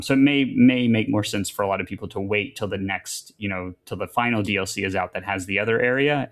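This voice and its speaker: A man talks through a game review on a podcast in a fairly low voice. He rambles, circling back with fillers and restarts. The chat stays loose and casual.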